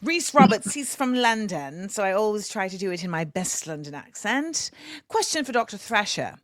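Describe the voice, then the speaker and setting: A woman hosting a casual interview show, talking in a lively, slangy way and reading audience questions. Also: mid-range voice, normal speed, no room sound, clean studio sound. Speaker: host.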